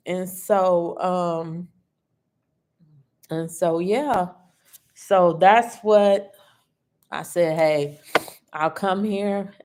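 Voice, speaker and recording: A woman host chatting casually on a livestream, emotional and tearful, often laughing softly. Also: lowish voice. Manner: slow, emotional and personal, with frequent laughs. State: tearful, grieving.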